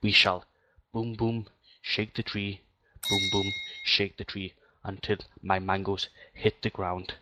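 A man's voice: lowish voice, little pitch movement, slow, very noisy. A man putting on a drawling Caribbean wrestler. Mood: mock-grand. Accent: put-on Caribbean. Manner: drawling, mock-pompous promo delivery. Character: laid-back Caribbean male wrestler cutting a promo.

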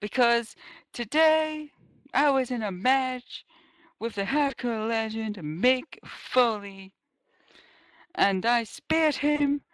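A woman voicing a boastful, hyped-up middle-aged male wrestler, rambling through a shouty improvised comedy promo. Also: on the high side, no echo, clean studio sound.

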